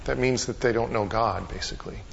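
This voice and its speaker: A man's voice: on the low side, brisk, creaky, slight background noise. A man preaching a conversational Bible lesson, reading passages aloud and asking his listeners rhetorical questions. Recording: dull lo-fi recording.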